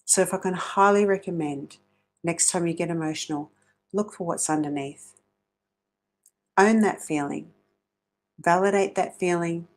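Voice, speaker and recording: A woman's voice: on the low side, unhurried, pauses often. A woman hosting a motivational self-help talk, earnest and coaching, often asking rhetorical questions.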